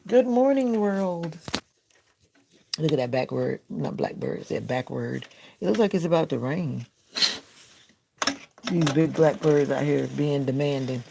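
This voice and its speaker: In a creaky, mid-range voice at moderate pace, a content creator rambles through a casual morning livestream at home near a bird-feeder window, regularly correcting himself mid-sentence. The background is noisy.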